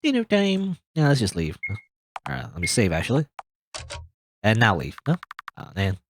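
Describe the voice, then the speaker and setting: A man's voice: sits low, big pitch swings, moderate pace, slight background noise. A young man hosting a game playthrough, reading the story aloud and cracking wry, offhand jokes. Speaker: let's play host.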